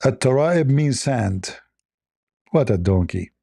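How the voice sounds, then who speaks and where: Sarcastic man with a husky voice. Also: mid-range voice, animated, slow, mellow, dry recording, clean studio sound. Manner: sarcastic, mocking. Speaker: livestream host. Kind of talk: mocking commentary.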